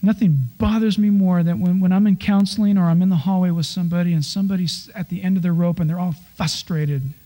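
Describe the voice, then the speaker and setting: A male pastor preaching a sermon, telling stories with animated delivery and acting out people's complaints in exaggerated voices. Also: sits high, fast, hardly any pauses.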